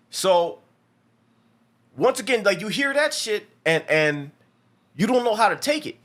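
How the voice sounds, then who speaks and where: A man hosting a movie review show has a high, sing-song, fairly bright voice and an unhurried pace with long pauses. Recapping a film casually, he rambles, restarts many times, swears a lot, and acts out quotes.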